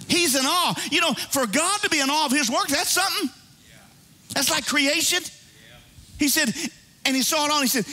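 A man's voice: very high voice, normal speed, long pauses, pushed and bright. A pastor in his fifties preaching a sermon. He is exuberant and jokey and breaks into whooping exclamations.

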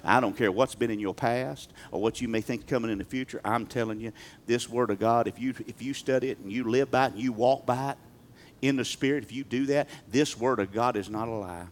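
A male pastor preaching a sermon, emphatic, swinging from loud bursts to quiet talk. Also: mid-range voice, fairly quick.

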